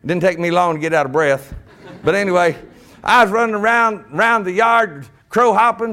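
A middle-aged man preaching a sermon, folksy and animated, breaking into shouted bursts. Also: sits high, a little fast.

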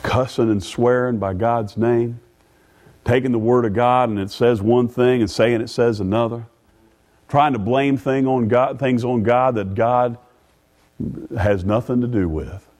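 A middle-aged man preaching a sermon in a folksy way, stumbling over repeated words and rising in pitch when reading scripture. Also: fairly even intonation, measured pace, a little mellow. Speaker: pastor.

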